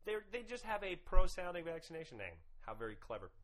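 A man's voice: sits high, fast talker, rough recording. A man hosting a podcast, talking casually with lots of swearing and rants. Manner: animated, profane, ranting. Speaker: podcast host.

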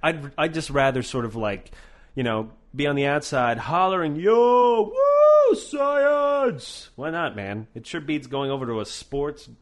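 A man co-hosting a casual chat show, animated and profane, raising his voice for emphasis. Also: mid-range voice, moderate pace. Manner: animated, swears a lot, shouts for emphasis. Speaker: podcast co-host.

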